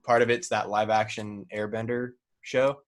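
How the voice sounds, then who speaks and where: A man co-hosting a casual podcast chat, telling stories in a loose, profane, animated way. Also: on the low side, moderate pace. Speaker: podcast co-host.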